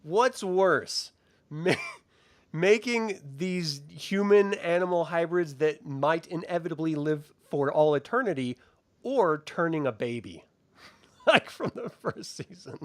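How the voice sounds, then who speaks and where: Lively, higher-voiced man hosting a review chat. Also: slow. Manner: laughing, swearing, lively chat. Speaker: show host.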